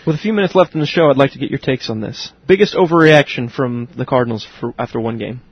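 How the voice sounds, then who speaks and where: Male radio host, fast-talking, husky, dry delivery. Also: mid-range voice, animated, no echo, muffled recording. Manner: quick, dry, steers the segment. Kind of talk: casual sports talk.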